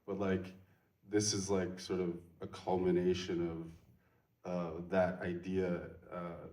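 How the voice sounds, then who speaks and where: Deep, mellow male producer, roomy hall. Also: completely flat delivery, slow. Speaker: film producer. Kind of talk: Q&A answers. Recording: echoey hall, from far off.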